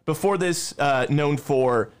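A young man co-hosting a podcast, reading through film credits and fun facts between easy laughs. His voice sits fairly high for a man, and the talk is loose and conversational. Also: slow pace, clean tone. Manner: reads lists of film credits, laughs often. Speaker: podcast co-host. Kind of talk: casual movie chat.

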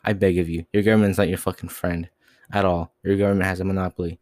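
A man's voice: low-pitched, level tone, fast, darkish tone, dry recording. A young man ranting alone as a podcast host, profane and agitated, rambling and swearing constantly. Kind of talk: solo rant.

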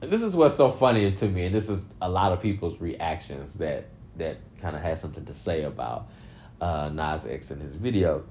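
A man with a somewhat low voice riffing in casual commentary. He laughs often, swears freely and swings his voice up in animated bursts. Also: normal speed, slight background noise. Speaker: commentary vlogger.

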